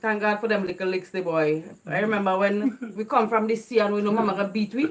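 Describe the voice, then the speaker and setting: A woman's voice: mid-range voice, fast. A young woman with a Caribbean island creole accent, telling stories from her childhood in a casual, laughing way. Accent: Caribbean island creole English. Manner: laughs often while telling stories, lively and animated. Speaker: vlogger. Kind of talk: casual storytelling.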